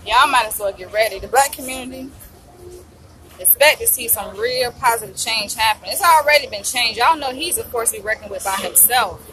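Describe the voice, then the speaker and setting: Excited woman vlogging with her mouth full, y'all this y'all that, cars going by loud behind her. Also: a little high, brisk, slight background noise, poor audio. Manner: excited, gushing, addresses viewers as y'all. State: eating while talking. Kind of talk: casual vlog to viewers.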